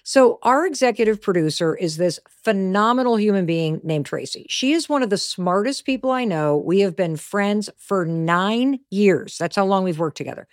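A woman hosting her own podcast, telling a story in an emphatic, animated motivational way. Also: medium pitch, normal speed, few pauses, no echo, clean studio sound. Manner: emphatic, animated storytelling with stressed key words. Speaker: podcast host.

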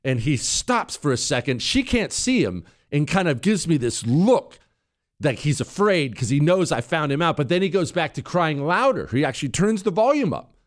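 A man hosting a talk show, telling a story in a punchy, animated way. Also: normal speed. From United States. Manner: animated, wide swings in pitch, punchy delivery. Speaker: radio talk show host. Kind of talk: casual storytelling monologue.

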